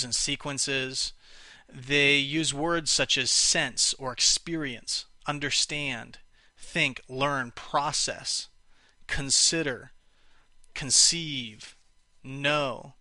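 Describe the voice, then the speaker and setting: Bright-voiced man giving a sales lesson. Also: medium pitch, steady tone, takes it slowly, no echo. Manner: explanatory, acts out example phrases, some restarts. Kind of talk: spoken lesson on communication styles.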